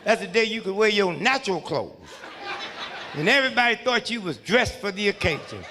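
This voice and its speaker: A man's voice: high voice, lively intonation, fairly quick, pushed and bright, a little hiss or hum. A man in his seventies, a comedian telling humorous stories to a live crowd in a folksy, chuckling way, often checking in with the audience. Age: 70s. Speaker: comedian and speaker.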